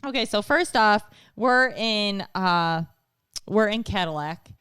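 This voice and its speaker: Lively giggly woman co-host. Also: mid-range voice, slow, clean tone, no echo, clean studio sound. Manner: giggly, animated storytelling. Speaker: podcast co-host. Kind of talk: casual live chat.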